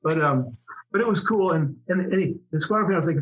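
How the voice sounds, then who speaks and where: A man's voice: a little high, animated, quick pace, a little hiss or hum. Chatty middle-aged man with muffled sound. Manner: chatty, rambling, many restarts. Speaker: interview guest, former fighter pilot. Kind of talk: casual storytelling interview.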